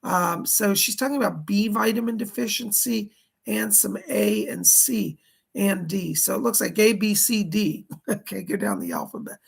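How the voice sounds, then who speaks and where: A hoarse man runs a live psychic reading stream. His voice is deeply gravelly and rough, almost all rasp. He chats as he passes on spirit messages and thanks viewers by name. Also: normal speed. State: dry throat, hoarse.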